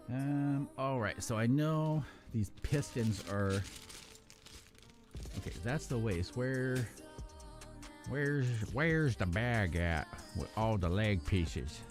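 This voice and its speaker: A man's voice: medium pitch, lively intonation, very slow, pauses often, faint music behind. A man hosting a live build stream, chatting casually and rambling, often breaking off mid-sentence and swearing now and then. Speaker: live-stream host building model kits.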